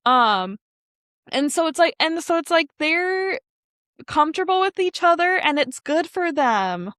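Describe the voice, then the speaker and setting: A woman's voice: sits high, sing-song, a little slow, a bit bright, no echo, studio quality. A woman co-hosting a podcast, chatting casually and animatedly about an anime episode, rambling with fillers and laughter. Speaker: podcast co-host. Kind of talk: casual anime recap chat.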